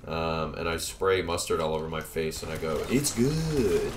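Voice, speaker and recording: A young man hosting a let's play, joking casually with a co-host and breaking into sudden yells at the game. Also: extremely low pitch, level tone, a little fast, noisy background. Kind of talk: casual gameplay commentary.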